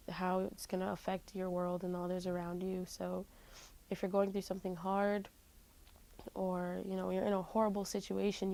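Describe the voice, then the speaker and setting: Young woman, musician, creaky gravelly voice, candid storytelling, lots of "like" fillers. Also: medium pitch, a little mellow, rough recording. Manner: heavy use of "like" fillers, candid. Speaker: interviewee, musician. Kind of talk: emotional personal storytelling.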